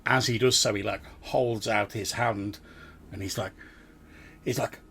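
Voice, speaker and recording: A man's voice: on the low side, fairly even intonation, normal speed, vocal fry, bright, forceful tone, husky. A young man narrating a tabletop game as game master, casual and vivid, with lots of fillers.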